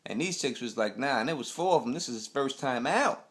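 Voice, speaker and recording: A man's voice: mid-range voice, animated, brisk. New guy, young, recapping a show off the cuff; loose, slangy, rambling delivery in a mid-range voice. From Queens, New York. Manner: slangy, rambling, blunt street talk. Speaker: TV recap host. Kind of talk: casual TV episode recap.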